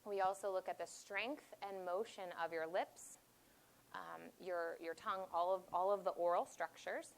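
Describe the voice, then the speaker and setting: A woman's voice: fairly low pitch, fairly even intonation, normal speed, a little hiss or hum, low-quality recording. A woman speech therapist presenting to a support group, explaining terms plainly and repeating key points. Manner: demonstrates sounds aloud. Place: meeting room with audience.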